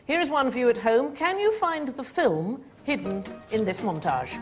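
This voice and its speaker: A woman's voice: a little high, very animated, moderate pace, music in the background. A woman hosting a TV quiz show, reading clues and slipping in dry jokes. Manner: dry, wry humour. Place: TV studio with audience. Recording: noisy studio with audience laughter.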